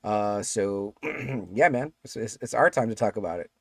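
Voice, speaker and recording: A man's voice: lowish voice, expressive, normal speed, slightly rough, dry recording, studio quality. A man in his forties, a podcast guest, chatting casually and rambling with lots of fillers and restarts. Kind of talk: casual chat.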